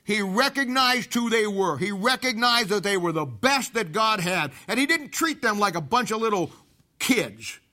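A man preaching a sermon, telling a Bible story in a folksy, animated way with casual army slang. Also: high-pitched, normal speed.

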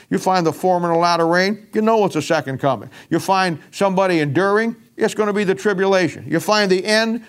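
A man preaching a folksy, emphatic sermon-style Bible teaching, with frequent restarts. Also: on the high side.

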